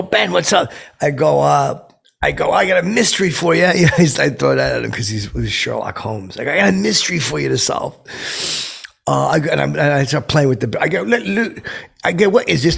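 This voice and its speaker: A man playing a gravelly, clueless washed-up comic. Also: mid-range voice, a bit bright, exaggerated voice. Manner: rambling, stumbling, with many fillers and self-quotes. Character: clueless, boastful, washed-up male stand-up comic. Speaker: character comedian telling a story. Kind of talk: improvised comic monologue.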